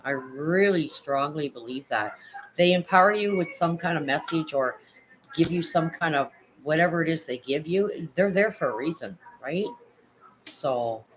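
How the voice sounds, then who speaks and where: A woman's voice: sits low, lively intonation, normal speed, a little hiss or hum, poor audio. A middle-aged woman hosting a casual livestream, chatting and reading viewers' comments aloud in a reassuring way, often repeating herself and adding "right?" or "isn't it?". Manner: chatty, reassuring, repeats phrases and adds tag questions. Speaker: livestream host.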